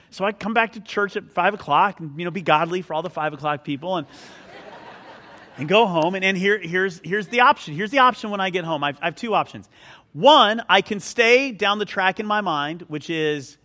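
A man's voice: high voice, lively intonation, fairly quick, bright, forceful tone. A middle-aged male pastor preaching a sermon, telling a self-mocking personal story in a conversational way.

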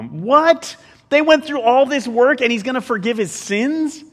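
High-voiced preacher in a reverberant hall. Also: male voice, moderate pace. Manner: animated, conversational, with joking asides. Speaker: pastor. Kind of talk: sermon.

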